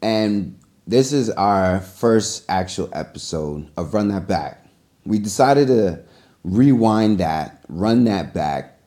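Relaxed low-voiced male podcast host. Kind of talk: casual podcast interview.

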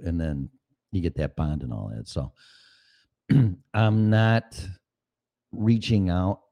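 Low-voiced podcast host, rambling and profane. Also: male voice, dark tone. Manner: clears throat often. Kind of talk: casual sound-check chat.

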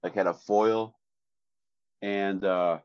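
A man, co-hosting a casual podcast chat in a flat, deadpan way with lots of fillers. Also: deep voice, takes it slowly, clear, resonant tone, dry recording, lo-fi sound. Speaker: podcast co-host.

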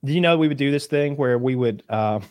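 A man's voice: medium pitch, a little fast, a little mellow, no room sound. A man in casual chat, rambling at length and dropping dry, sarcastic jokes.

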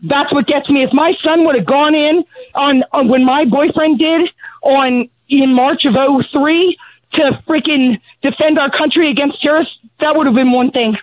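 A middle-aged woman, out of breath from pacing, speaks angrily and bluntly with halting restarts about losing her son. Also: high-pitched, dry recording. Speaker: grieving mother of a fallen Marine, calling in. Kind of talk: emotional phone testimony. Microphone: telephone. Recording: tinny, dry phone line.

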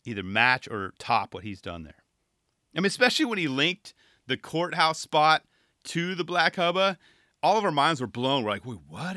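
Chatty california guy reacting to skate clips, lively voice all over the place, bright. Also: medium pitch, no room sound, studio quality. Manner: animated, chatty, laughs often. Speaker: skate video commentator. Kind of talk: casual chat.

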